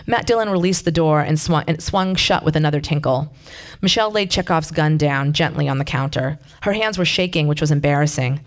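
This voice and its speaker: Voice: medium pitch, fairly quick. Plain voice reading fiction aloud. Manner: plain, conversational reading with brief asides. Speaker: reader.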